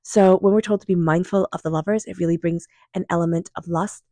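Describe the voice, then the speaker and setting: Mellow-voiced woman giving a tarot reading. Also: on the low side, fairly even intonation, fast talker, no room sound. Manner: gentle, rambling, reassuring. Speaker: tarot reader.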